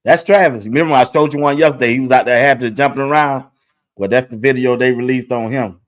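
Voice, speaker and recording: Excited sports talk host, a man. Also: medium pitch, quick pace. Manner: excited, chatty, talks to viewers directly. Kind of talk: casual commentary over video clips.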